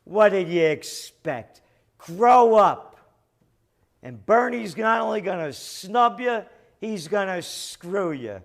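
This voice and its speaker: A man's voice: high-pitched, sing-song, slow pace, creaky. A middle-aged man delivering opinionated news commentary, sarcastic and emphatic.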